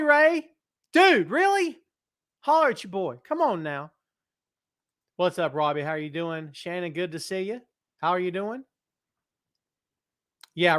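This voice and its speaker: High-voiced, animated wrestling show host. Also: male voice, dry recording, clean studio sound. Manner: animated greetings to viewers; earnest, somber when turning serious. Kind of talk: casual live-stream chat. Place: large empty building. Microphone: webcam setup.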